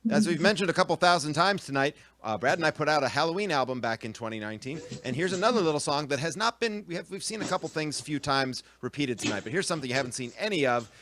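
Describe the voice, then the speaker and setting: A man's voice: a little high, animated, background noise. A man co-hosting a comedy show on a video call, chatty and playful. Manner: chatty, playful, quick to laugh. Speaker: co-host and songwriter.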